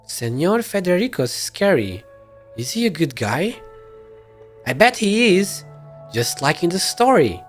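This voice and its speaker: A man voicing small, nervous children in a game story, in a high squeaky put-on voice. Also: very animated, measured pace, faint music behind, full character voice. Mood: nervous, earnest. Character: small scared curious kids, high and eager.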